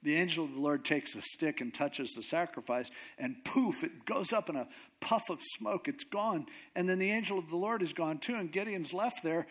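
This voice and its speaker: Preacher, man with a slightly high voice, easygoing storyteller with a wry touch. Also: moderate pace, fairly bright tone. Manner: casual, conversational retelling with humor. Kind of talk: sermon storytelling.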